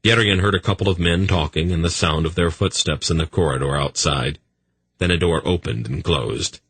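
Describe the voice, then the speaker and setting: A man narrating a fantasy audiobook in a measured storytelling manner. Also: sits low, fairly bright tone, a little hiss or hum.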